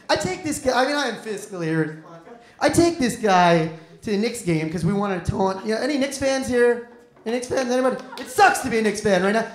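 A man's voice: sits high, animated, fast talker. A young man doing a stand-up comedy set, rambling and self-deprecating, swearing freely. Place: comedy club stage. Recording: echoey comedy club room.

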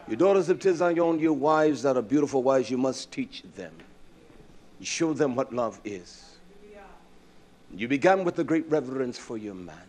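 Preaching man, hushed to loud. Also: medium pitch. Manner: asks the congregation questions and answers them himself. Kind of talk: sermon.

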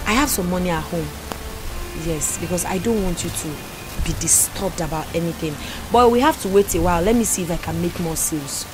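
A woman's voice: lowish voice, brisk, close to an everyday voice, rough recording. An actress playing a kind young shopkeeper who soothes her worried boyfriend. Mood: soothing. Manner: soothing, reassuring. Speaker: shop owner. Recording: background film music.

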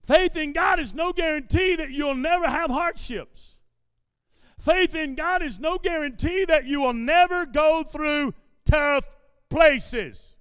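High-voiced man preaching a sermon. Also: unhurried, no echo, clean studio sound, long reverb tail. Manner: repetitive preaching cadence that builds into shouted declarations. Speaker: pastor. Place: church sanctuary during a service.

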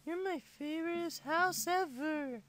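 A performer voicing a squeaky little kid gamer who chatters and complains while playing. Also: a little slow, fairly bright tone. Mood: chatty. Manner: chatty, complains to itself, mumbles while sorting items. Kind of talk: game playthrough commentary in character.

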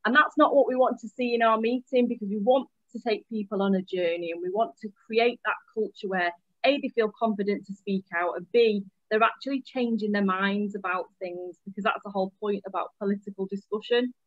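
A woman's voice: mid-range voice, a little fast, no room sound, dull audio. A woman, a member of parliament, chatting casually and self-deprecatingly about public speaking over a video call. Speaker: MP and panel guest.

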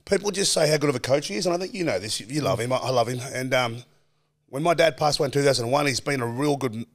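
Fast-talking Australian man telling stories. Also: mid-range voice. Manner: animated storyteller, acts out quoted voices, laughs often. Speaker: podcast guest, former footballer. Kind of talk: casual storytelling chat.

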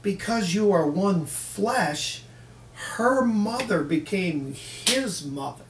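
A man's voice: sits high, lively intonation, slow. A man preaching a folksy sermon who acts out both sides of little dialogues with the congregation. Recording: echoey room, mic at a distance, faint background hiss.

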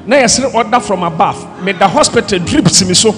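A man from Ghana, a pastor, preaching a fiery sermon with shouted, impassioned delivery over loud music and a crowd. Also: sits high, lively intonation, fairly quick, hardly any pauses.

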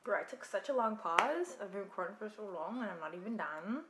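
A young woman casually reacting to an anime, talking back to the screen in an expressive way. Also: medium pitch, a little fast, reverberant, noisy background. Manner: expressive, talks back to the screen, shrieks and laughs.

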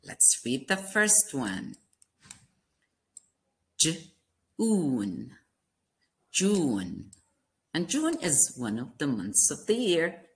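A woman's voice: deep voice, sing-song, a little slow, hardly any pauses. A woman teaching a phonics lesson to kindergarten children, spelling out words letter by letter and asking them questions. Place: classroom lesson video.

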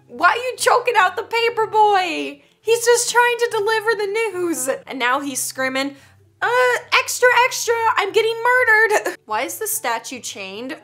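A woman's voice: high-pitched, pushed and bright. A woman hosting a casual reaction video, joking and teasing with frequent giggles. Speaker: YouTube reaction host.

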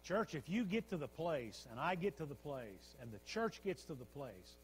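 A man pastor preaching a sermon, telling the story with animated repetitions. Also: fairly high pitch, moderate pace, slight background noise. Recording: long church hall reverb.

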